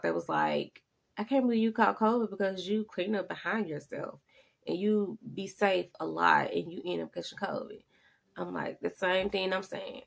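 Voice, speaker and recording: Gravelly-voiced woman telling a story animatedly. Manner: animated, jumps to high exclaiming quoted lines; drops to hushed, breathy tones when talking about fear. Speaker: vlogger. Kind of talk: casual personal storytelling.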